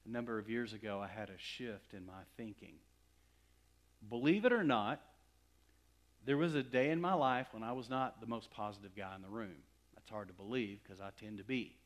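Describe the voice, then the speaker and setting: A middle-aged man from West Texas preaching a sermon, swinging from loud emphatic lines to hushed near-whispers. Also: lowish voice. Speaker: pastor.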